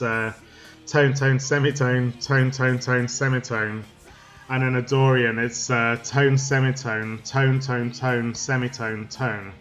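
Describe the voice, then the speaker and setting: A man explaining music theory in a casual, halting way, full of ums and restarts. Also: mid-range voice, a bit bright, muffled recording.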